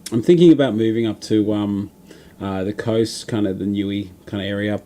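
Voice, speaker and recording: A man's voice: lowish voice, normal speed, dark tone, a little hiss or hum. An Australian man hosting a livestream, chatting casually and reading out viewer comments, rambling with lots of fillers and restarts. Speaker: livestream host.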